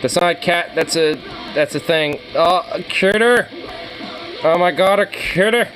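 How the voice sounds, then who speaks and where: A man streaming casually, reacting to cat pictures with excitable gushing and casual swearing. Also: high voice, measured pace, over music. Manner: excitable, gushing over cats, casually profane.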